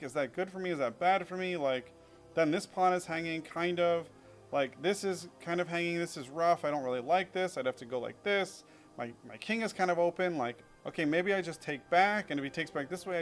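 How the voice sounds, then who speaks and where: A man's voice: fairly high pitch, brisk, faint music behind. A young man casually reviewing his own chess game in a rambling, self-critical way, full of fillers.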